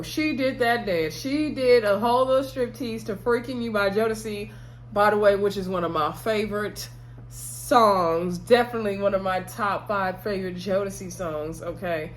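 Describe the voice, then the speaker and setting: A woman recaps a TV episode in loose, casual chat. Her voice sits at an ordinary middle pitch, and she keeps slipping in sassy exclamations and side comments. A faint hum runs underneath. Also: normal speed. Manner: chatty, with sassy exclamations and asides.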